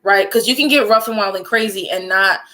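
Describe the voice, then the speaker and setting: A woman's voice: mid-range voice, fairly quick, bright, forceful tone, rough recording. A woman guest on a podcast, speaking emphatically and outspokenly in casual chat.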